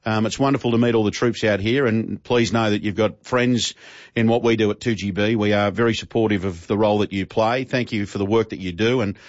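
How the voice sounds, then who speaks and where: A man's voice: lowish voice, fairly even intonation, a little fast, no echo, lo-fi sound. A man hosting talk radio, friendly and chatty. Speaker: radio host. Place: outdoors at a police station.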